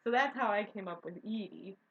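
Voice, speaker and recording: A woman's voice: mid-range voice, brisk, slight background noise. Chatty woman co-host, laughs a lot, muffled stream sound. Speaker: co-owner of a role-playing stream. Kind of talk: casual chat. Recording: dull lo-fi stream audio.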